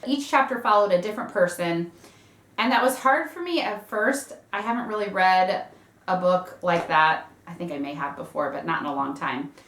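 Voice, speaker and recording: A woman's voice: lowish voice, moderate pace, a bit bright. Chatty woman in an echoey room. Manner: chatty, rambling with fillers and restarts. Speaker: book vlogger. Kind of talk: casual chat.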